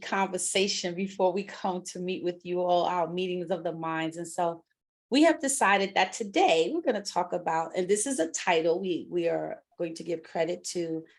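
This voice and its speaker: A woman's voice: on the low side, moderate pace. A middle-aged woman hosting a podcast in casual chat, bubbly and laughing often, with many fillers. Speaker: podcast host.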